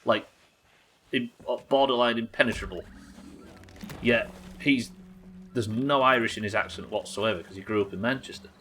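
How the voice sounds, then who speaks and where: A man's voice: fairly low pitch, normal speed, pauses often, a bit bright, slight background noise. An English man streaming a game, chatting casually and rambling, swearing freely as he plays. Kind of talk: casual chat while playing.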